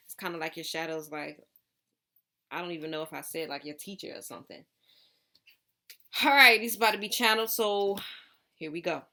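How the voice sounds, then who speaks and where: A woman's voice: fairly low pitch, brisk, pauses often, pushed and bright, a little hiss or hum. A woman giving a casual channeled tarot reading, rambling with lots of fillers and calling the viewer honey. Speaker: tarot reader.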